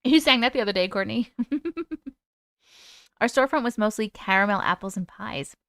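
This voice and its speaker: A woman hosting a live stream, reading viewer comments aloud and greeting people in a bubbly, chatty way with a high, squeaky voice. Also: normal speed, fairly bright tone, dry recording, clean studio sound. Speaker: host reading live chat. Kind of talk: casual live-stream chat.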